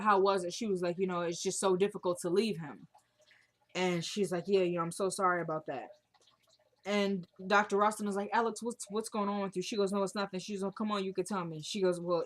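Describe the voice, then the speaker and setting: A woman casually recapping a TV drama episode, opinionated and chatty, acting out characters' lines as she retells the scenes. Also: fairly low pitch. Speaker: show recap host.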